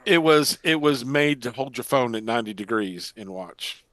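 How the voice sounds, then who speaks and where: A man's voice: medium pitch, lively intonation, moderate pace, a bit bright. An older man co-hosting a podcast who keeps throwing in wisecracks. His voice sits in a middle range, and the sound is dry with no room echo. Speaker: podcast co-host. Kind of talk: casual chat.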